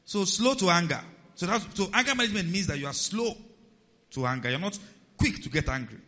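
Lively preacher man. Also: sits high, brisk, long reverb tail, dull audio. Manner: lively, humorous, acts out quotes. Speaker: pastor. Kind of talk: sermon.

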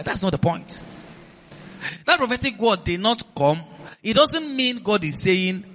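A man preaching a sermon as pastor, animated, laughing and asking the congregation questions. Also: high-pitched, normal speed, highs cut off.

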